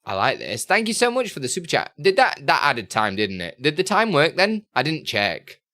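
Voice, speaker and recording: Lively, bright-voiced male streamer chatting. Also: on the high side, moderate pace, dry recording, studio quality. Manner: chatty, reads chat aloud and mutters while fiddling with software. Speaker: live streamer answering chat questions. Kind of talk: casual live-stream chat.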